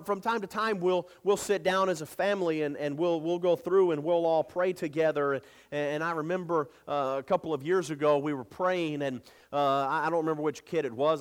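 A man in his thirties preaching a sermon, building to emphatic repeated lines and turning chatty with stumbles when telling family stories. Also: on the high side. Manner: repeats words when speaking casually. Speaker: pastor.

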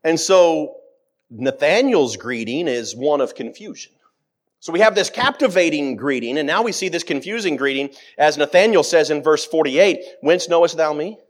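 A middle-aged man delivers a sermon in a voice pitched well above most men's. His delivery leaps up and down, acting out scripture quotes with dramatic swings in pitch and loudness. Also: animated, normal speed. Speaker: preacher.

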